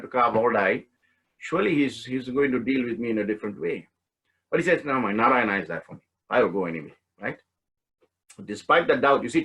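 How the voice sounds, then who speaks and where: A man teaching an online spiritual study course, telling a story in a relaxed way and laughing often. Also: mid-range voice, slightly rough, lo-fi sound. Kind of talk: storytelling talk. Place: online class session.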